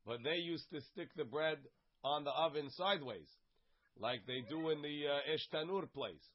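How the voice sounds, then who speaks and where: Man, text study teacher, casual lesson, reads and explains line by line, slightly high voice, dull lo-fi recording. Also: moderate pace. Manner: reads a phrase, then translates and explains it plainly. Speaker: teacher of a Talmud class. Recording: dull, lo-fi sound.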